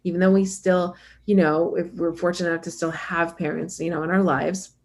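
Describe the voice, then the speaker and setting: A woman mental health counselor explaining ideas calmly on a podcast. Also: on the low side, brisk. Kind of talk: conversational podcast talk.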